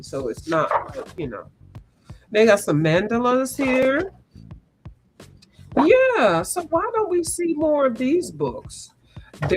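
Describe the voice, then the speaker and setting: A woman, chatting casually and rambling as she hosts a coloring livestream, sounding congested and clearing her throat. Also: lowish voice. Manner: chatty, rambling, lots of asides and restarts. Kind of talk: casual chat.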